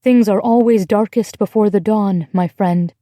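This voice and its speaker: Woman playing a gentle but firm American friend, mellow tone, dry close mic. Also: medium pitch, normal speed, dry recording, close to an everyday voice. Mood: reassuring. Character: kind, steady American woman in Paris.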